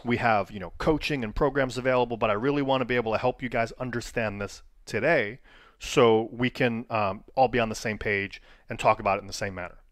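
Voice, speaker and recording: A man's voice: mid-range voice, fairly even intonation, brisk, dry recording. A man coaching in an online training lesson, putting questions to his viewers. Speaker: wrestling coach.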